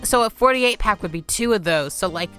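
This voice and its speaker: A woman's voice: medium pitch, animated, fairly quick, bright, forceful tone, faint music behind. A woman riffing and rambling wryly while playing through a courtroom game with a friend. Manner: rambling, wry. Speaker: game voice-dubbing cohost. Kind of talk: casual let's-play chat.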